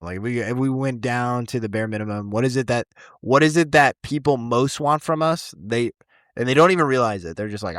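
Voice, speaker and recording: A man who teaches high school English, chatting casually on a podcast and rambling with frequent restarts and the odd swear word. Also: fairly quick, fairly bright tone, no room sound, studio quality.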